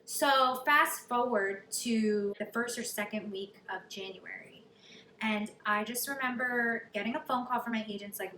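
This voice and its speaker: A woman's voice: on the high side, measured pace. Chatty young woman telling a story. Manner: chatty, animated, many likes. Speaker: vlogger. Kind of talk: storytelling to camera. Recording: echoey room, faint noise.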